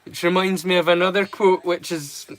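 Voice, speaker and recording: Bright-voiced chatty stream host. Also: male voice, high-pitched, flat delivery, normal speed. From Europe. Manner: rambling and chatty. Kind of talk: casual live-stream chat.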